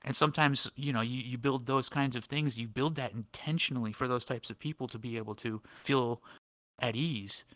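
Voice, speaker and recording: A man's voice: medium pitch, moderate pace, a bit bright, dry recording. A man on a podcast, chatting casually as a guest about building game worlds, often repeating words and tagging "right?" on his sentences.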